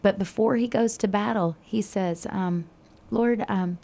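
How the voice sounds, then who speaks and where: A woman telling a Bible story to a listener in a casual, animated way, with frequent fillers. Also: medium pitch, a little slow, vocal fry.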